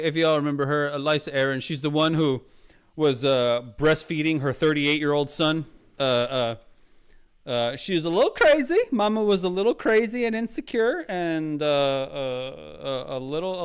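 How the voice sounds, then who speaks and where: A man's voice: on the high side, smooth. A man streaming a casual review chat, rambling with many fillers and restarts, calling viewers "Mama".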